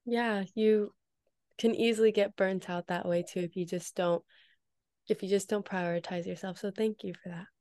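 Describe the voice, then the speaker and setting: A woman's voice: mid-range voice, fairly even intonation, normal speed, mellow, dry recording. A woman interviewing a guest, asking questions and thanking him appreciatively. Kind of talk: casual interview.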